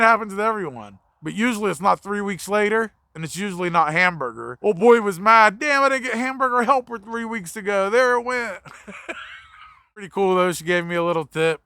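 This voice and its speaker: A man's voice: fairly high pitch, gravelly, pushed and bright, no echo. A young man, a mobile mechanic, telling a blunt, profane story in a casual vlog.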